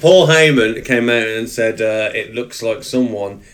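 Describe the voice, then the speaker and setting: A man's voice: medium pitch, measured pace. A man co-hosting a wrestling podcast in casual chat, rambling and joking, with lots of ums and restarts. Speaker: podcast co-host.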